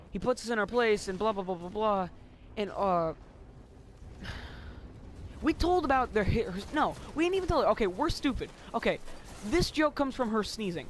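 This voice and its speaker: High-voiced teen boy rambling through a story. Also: slight background noise. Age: teens. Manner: rambling, giggly, swears casually. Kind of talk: casual story time chat.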